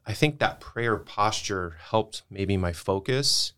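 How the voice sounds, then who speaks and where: A man as a returning podcast guest, explaining in a thoughtful, measured way. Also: on the low side, animated, sharp tone, clear, resonant tone. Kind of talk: casual conversation.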